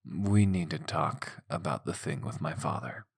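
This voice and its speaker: A man voicing an easygoing but stubborn young man in an audiobook, talking in a low, blunt, offhand way. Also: measured pace, vocal fry, slightly rough, heavily acted. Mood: serious.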